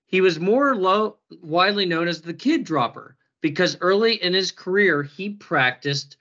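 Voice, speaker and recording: A man's voice: high voice, lively intonation, a little slow, sharp tone, muffled recording. A man hosting a podcast in casual chat, joking and laughing often as he talks. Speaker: podcast host.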